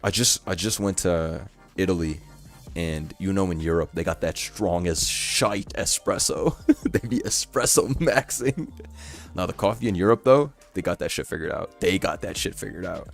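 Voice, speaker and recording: Low-voiced young man streaming, slangy banter. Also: normal speed, gravelly, faint music behind. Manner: loose slang-heavy banter, laughs often. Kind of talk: casual live-stream chat.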